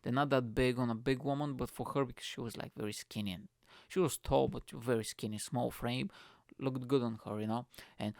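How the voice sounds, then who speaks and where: A male comedian hosting his solo podcast, telling stories in a hyper, swearing, fast-running rant on a close mic. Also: mid-range voice, fairly even intonation, gravelly, dry recording.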